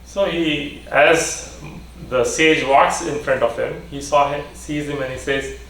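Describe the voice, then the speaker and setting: A man giving a conference vote of thanks, telling a story plainly with fillers and restarts. His voice sits a little high, and the sound comes from far from the mic in a large, very echoey hall. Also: fairly even intonation, unhurried, a bit bright, slight background noise. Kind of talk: storytelling speech.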